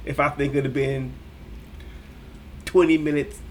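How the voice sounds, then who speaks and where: A man's voice: mid-range voice, little pitch movement, normal speed, a little hiss or hum. A man in a casual podcast movie chat, blunt and profane, making his points emphatically. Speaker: podcast co-host.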